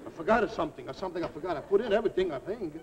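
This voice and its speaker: A boisterous, excitable middle-aged Italian cook, mangling his English and drifting into mock-Italian double-talk in a thick put-on accent. His voice sits high for a man. The sound is a scratchy, hissy early television recording. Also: racing, lo-fi sound. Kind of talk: live TV comedy sketch.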